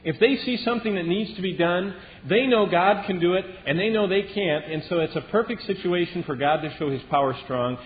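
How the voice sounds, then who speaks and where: A man preaching a sermon as a Bible teacher, telling the story in a lively way and acting out the lines he quotes. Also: high voice, fairly quick. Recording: dull lo-fi recording with long reverb and faint hiss.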